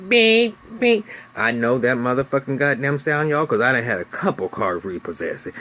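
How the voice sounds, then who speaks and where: A man's voice: medium pitch, slight background noise. A man talks through a TV episode recap in a loose, casual way. He swears freely and tells the story with energy, slipping into the characters' lines as he goes. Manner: animated, profane storytelling with voiced quotes. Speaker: TV recap reviewer.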